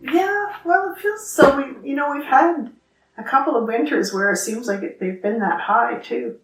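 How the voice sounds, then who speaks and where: A woman's voice: high-pitched, moderate pace, recorded from a distance. Older woman, wry and chatty, reading her own prose; roomy, off-mic sound with faint music. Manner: chatty, laughs easily, wry. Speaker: podcast guest and writer. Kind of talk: casual chat and reading her own writing aloud.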